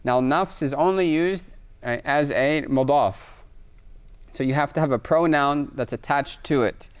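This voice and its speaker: A man's voice: a little high, measured pace, clear, resonant tone. A man teaching an Arabic grammar lesson, explaining patiently and reading Arabic examples aloud, often checking in with "right?". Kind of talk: recorded online lesson.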